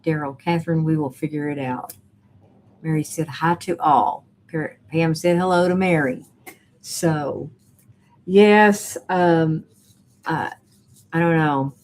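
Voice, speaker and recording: A woman chats through a live stream at an unhurried pace. Her voice sits on the lower side. She reads viewers' comments aloud and answers them with sassy, teasing banter. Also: a little mellow. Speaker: live stream host reading chat. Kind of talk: casual live stream chat.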